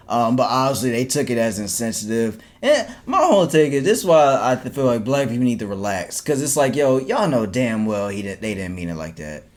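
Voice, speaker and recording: A man co-hosting a podcast in casual chat, animated and often laughing, with many restarts. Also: mid-range voice, fairly quick. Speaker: podcast co-host.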